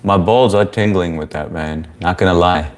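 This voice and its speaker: Deep-voiced man hosting a casual livestream. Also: moderate pace. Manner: relaxed, chatty, reads viewer comments aloud. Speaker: livestream host answering chat. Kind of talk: casual live-stream Q&A.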